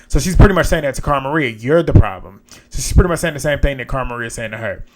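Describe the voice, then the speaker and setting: A man's voice: medium pitch, rapid-fire, slight background noise. Blunt, chatty man recapping reality TV. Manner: frank, blunt, profane, chatty. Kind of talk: casual recap commentary.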